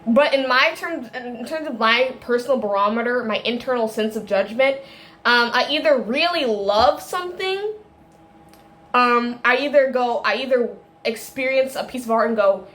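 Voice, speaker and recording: A woman with a somewhat high-pitched voice talks through a film review in a loose, rambling way. She keeps circling back, restarting sentences and tossing in little laughs as she goes. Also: animated, normal speed, a bit bright. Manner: tangent-prone, chatty, frequent fillers and self-corrections; laughs often while talking. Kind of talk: casual rambling monologue.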